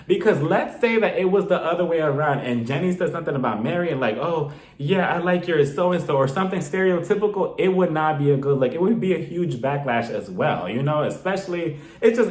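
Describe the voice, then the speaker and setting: A man's voice: a little high, sing-song, fast, hardly any pauses, a little mellow. Chatty man recapping reality TV, echoey room. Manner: chatty, opinionated, exasperated. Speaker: reality TV reviewer. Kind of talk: casual vlog recap. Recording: roomy echo.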